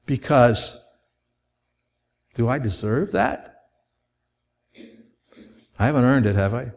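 A man's voice: mid-range voice, darkish tone. A man preaching a sermon to a congregation in a conversational way, asking rhetorical questions and growing emphatic as he goes. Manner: grows emphatic and quickens when stirred. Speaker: pastor.

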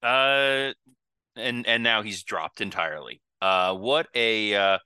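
Casting: male podcast host, very bright clear voice, loose casual delivery with swearing. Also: lowish voice, slow pace, no echo. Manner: loose, swearing, restarts often. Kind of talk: casual chat.

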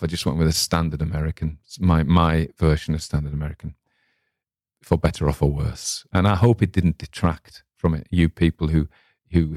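A man's voice: low-pitched, darkish tone, no echo, clean studio sound. A man with a northern English accent, a podcast host chatting casually about a story he read, rambling with restarts and asides. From north of England.

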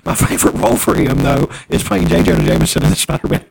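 Gravelly, lively man in profane banter. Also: mid-range voice, fast, background noise. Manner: profane, joking, laughs often. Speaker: podcast co-host. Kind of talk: casual crude banter.

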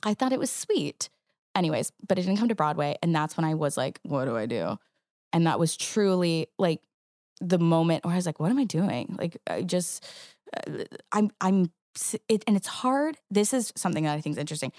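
A woman actress talking as a guest in a casual interview. Her voice sits a little low, and she tells her stories with animated energy and quick restarts. The sound is close and dry, with no room around it. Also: dry recording.

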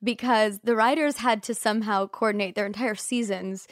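A woman's voice: medium pitch, fairly even intonation, normal speed, dry recording, clean studio sound. A woman, an actress guest on a podcast, talking about her work in an enthusiastic, chatty way. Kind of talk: casual interview chat.

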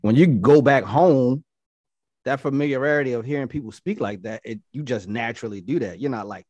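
Man, casual podcast talk, animated and profane, dry close sound. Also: medium pitch, brisk, no echo, muffled recording. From Baltimore. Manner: animated, profane, argues points with quoted voices. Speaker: podcast co-host. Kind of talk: casual chat.

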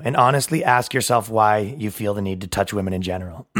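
A man's voice: fairly low pitch, brisk. A brash young man rants through a solo podcast, swearing freely and laughing at his own jokes. He acts out both sides of conversations to drive his points home. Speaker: podcast host.

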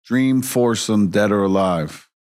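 Deep-voiced man asking laid-back questions. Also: takes it slowly, darkish tone, dry recording, studio quality. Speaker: podcast host. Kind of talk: casual interview questions. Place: podcast studio.

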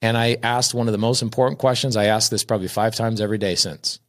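A man's voice: fairly low pitch, steady tone, fast talker, fairly bright tone. A man guest casually telling a story about his early business, acting out quoted people. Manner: acts out quoted people with a raised voice; self-correcting restarts. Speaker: real estate investor guest.

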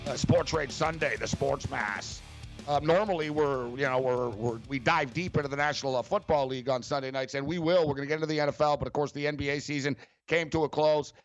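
A man's voice: on the high side, fairly even intonation, a little fast, faint music behind, rough recording. A man hosting a sports talk radio show, ranting sarcastically with lots of fillers.

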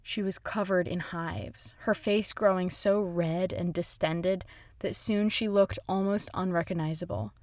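A woman reads a scripted true-story narration at a measured pace. Her voice sits low, and the recording is dry and close to the mic with no room sound. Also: fairly even intonation, darkish tone, no room sound.

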